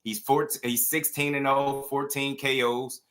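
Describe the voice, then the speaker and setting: A man's voice: medium pitch, flat delivery, moderate pace, fairly bright tone. A man hosting a boxing show in casual, playful commentary full of slang and jokes. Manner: playful, jokey, heavy slang.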